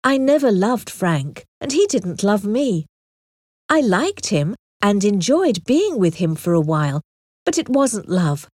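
A woman's voice: medium pitch, very animated, measured pace, a little mellow, no echo. A woman reads the part of a spirited young heroine in a storybook, earnest and pleading. Her lines swing freely up and down. The sound is close and dry, with no room around it.

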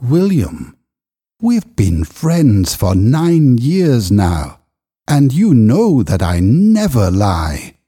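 A man voicing a wronged weaver who pleads his innocence in a strained, high, husky voice. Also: sing-song, measured pace, warm tone, heavily acted. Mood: hurt.

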